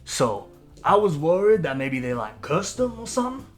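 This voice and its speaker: A frank, fretful orc shopkeeper mother, put on by a man running a tabletop game. She talks in a higher voice and rambles with many restarts. She stays chatty even while worried. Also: moderate pace, soft background music.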